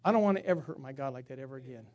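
A middle-aged male pastor preaching a sermon, swinging from hushed tones to shouting and acting out funny stories. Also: mid-range voice, expressive, very fast, dull audio. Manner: acts out funny stories with voices.

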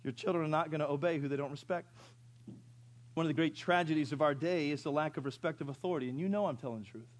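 A man's voice: a little high, quick pace. A man in his fifties preaching a sermon, who tells funny stories and asks the congregation questions. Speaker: pastor.

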